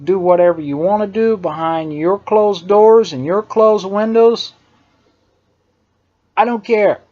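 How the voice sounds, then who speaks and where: A man's voice: high voice, slow pace. A man delivering an emphatic, indignant opinion monologue, hammering his points by repeating phrases. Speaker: political commentator. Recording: dull lo-fi recording.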